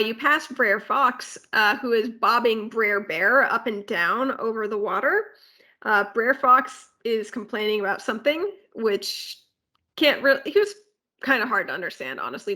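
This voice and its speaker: A woman's voice: a little high, pushed and bright. A woman co-hosting a podcast, casually walking through a theme park ride with plenty of fillers and asides. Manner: rambling ride walkthrough with filler words and asides. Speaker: podcast co-host.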